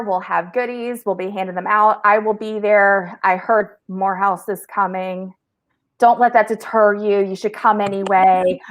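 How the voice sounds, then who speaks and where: A woman guest on a talk show, chatting casually, teasing and often laughing. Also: medium pitch. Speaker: guest sponsor representative. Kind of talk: casual chat.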